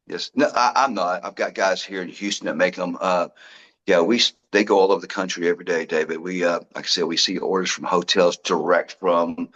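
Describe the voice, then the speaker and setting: A man, a guest in an interview, telling his story in a lively way and acting out what people said. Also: deep voice, brisk, dull audio. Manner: lively storyteller who acts out quoted dialogue. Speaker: guest, product founder.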